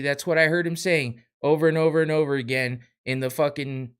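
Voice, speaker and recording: A man's voice: a little high, fairly even intonation, quick pace, hardly any pauses, a bit bright, smooth. A man hosting a podcast, ranting in a heated, profane way. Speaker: podcast host. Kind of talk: casual podcast rant.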